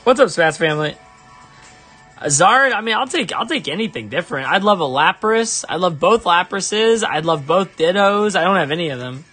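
Casual male streamer, breathy edge, jumps into high exasperated yelps, soft music underneath. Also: lively intonation, normal speed. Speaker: live-stream card opener. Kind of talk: casual live-stream chat.

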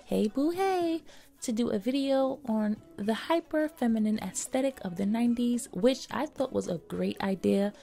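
A woman's voice: fairly high pitch, normal speed, creaky, few pauses, faint music behind. A woman fashion vlogger getting over a cold, talking to her viewers in a bubbly, chatty way. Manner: bubbly, lively greetings to viewers. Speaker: fashion YouTuber. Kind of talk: casual scripted vlog narration.

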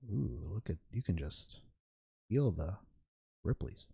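Lively, gravelly-voiced man unboxing cards. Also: deep voice, slow, long pauses, no room sound, clean studio sound. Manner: rambling, joking, with playful made-up words. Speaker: trading card unboxing channel host. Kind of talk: casual unboxing commentary.

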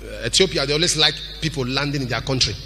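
A man preaching a sermon as a pastor, animated, with sudden shouts and a sing-song cadence. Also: medium pitch, fast.

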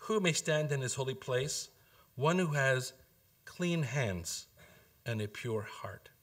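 A man preaching a sermon as pastor, earnest and emphatic, asking rhetorical questions and dropping to a soft, low voice for key points. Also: animated, takes it slowly.

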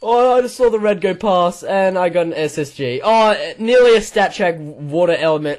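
Excitable young man with bouncy pitch. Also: normal speed, few pauses. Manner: excitable, swings from mumbling to loud yelps. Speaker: gaming channel host. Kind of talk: casual case-opening commentary.

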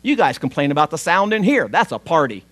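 A man's voice: fairly high pitch, very animated, brisk, fairly bright tone. A man, preaching a sermon as pastor, retelling a story in a conversational way and voicing the father's lines.

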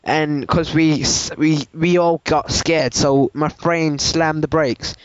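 In a prank phone call, a man plays a hillbilly truck owner with a put-on Southern accent, rambling, halting, and restarting his sentences again and again. His voice is fairly high, steady, clear, and resonant with no echo, carried over a phone line in a dull lo-fi recording.

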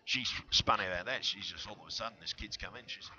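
A man's voice: on the low side, quick pace, bright, forceful tone, dull audio. A man rambling through a vlog monologue, answering viewer comments in a conspiratorial way with lots of fillers and restarts, on a headset mic. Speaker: channel host.

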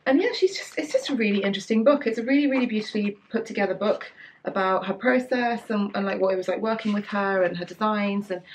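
A woman's voice: medium pitch, fast talker, slight background noise. A young woman hosting a sewing channel, chatting casually and gushing with enthusiasm, with lots of fillers and restarts. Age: young adult. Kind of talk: casual chat.

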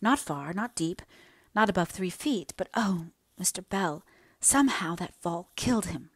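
A woman's voice: lowish voice, lively intonation, a little slow, no echo. A woman voicing an earnest, remorseful young woman in an audiobook, confessing in an emotional, pleading way. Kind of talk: audiobook character reading.

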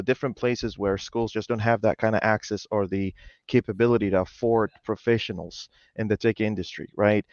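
A man's voice: fairly low pitch, no room sound, highs cut off. A man hosting a casual video call, talking enthusiastically in bursts with lots of "you know" fillers. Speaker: host.

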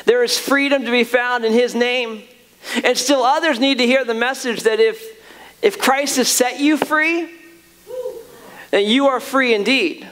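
A man with a strikingly high voice preaches to his congregation. He is earnest and emphatic, circling back and restarting phrases as he drives each point home. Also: unhurried, fairly bright tone. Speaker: pastor. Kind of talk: sermon.

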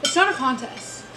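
A young woman laughing and chatting excitedly while eating in a casual vlog. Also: high voice, noisy background. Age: young adult. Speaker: vlogger.

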